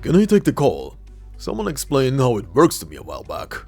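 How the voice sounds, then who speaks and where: A man's voice: mid-range voice, wildly swooping pitch, a little fast, vocal fry, darkish tone, faint music behind, heavily acted. A man voicing an ancient ghostly king who speaks formally and solemnly, in a fan audio drama. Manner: stately, old-fashioned phrasing.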